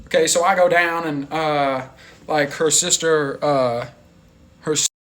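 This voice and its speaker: A young man telling a story in a rambling, animated way, full of filler words. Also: on the high side, a little slow, slight background noise. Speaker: vlogger. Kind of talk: casual storytelling.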